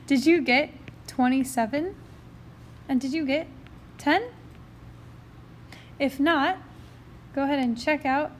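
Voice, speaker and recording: A woman with a high, bright-toned voice walks through a recorded math lesson, chatty and upbeat as she explains each step. She has the hiccups, and faint background hiss sits under her voice on the tablet mic. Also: slow, long pauses. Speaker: math teacher.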